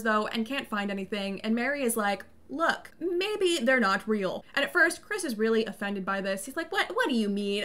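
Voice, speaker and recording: A woman's voice: a little high, a bit bright. A young woman recapping a horror movie in casual chat, sarcastic and incredulous, saying "like" a lot. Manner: sarcastic and incredulous, fond of the filler "like".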